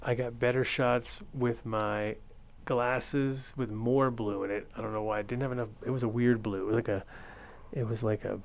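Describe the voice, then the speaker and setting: A man's voice: medium pitch, steady tone, normal speed, vocal fry. A man co-hosting a podcast, chatting casually and reading a sponsor spot in a laid-back way, swearing freely. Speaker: podcast co-host. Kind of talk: casual chat and ad read.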